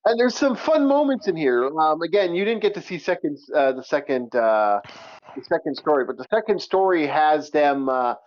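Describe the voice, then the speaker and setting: A man co-hosting a casual chat, talking excitably in long rambling runs with lots of restarts and swearing. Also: fairly high pitch, moderate pace. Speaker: podcast co-host. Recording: muffled lo-fi audio.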